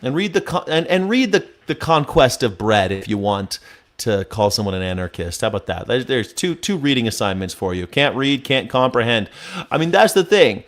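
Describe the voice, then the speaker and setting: A man's voice: mid-range voice, big pitch swings, normal speed. Sarcastic, swearing man reacting to clips. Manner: sarcastic, profane, mocking. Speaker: host. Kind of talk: casual political commentary reacting to news clips.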